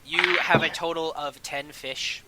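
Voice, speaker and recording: A man's voice: a little high, steady tone, unhurried, a crowd in the background, low-quality recording. A man narrating as game master in a casual tabletop game, hesitant and full of ums.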